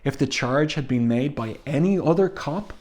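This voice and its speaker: A man reading aloud the lines of a gruff lawyer who is cold and dismissive, mostly in his own voice. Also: on the high side, expressive, normal speed, darkish tone, lightly acted. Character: gruff older male lawyer with an odd accent.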